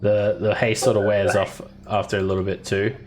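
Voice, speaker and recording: A man running a tabletop game as dungeon master, narrating in a relaxed way with many fillers. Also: lowish voice, normal speed, faint music behind.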